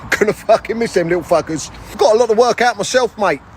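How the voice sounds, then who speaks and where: A man playing a slow, deadpan working-class bloke who mutters his lines. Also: high-pitched, a little hiss or hum, natural voice. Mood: glum. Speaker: comedy sketch performer. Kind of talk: comedy sketch acting.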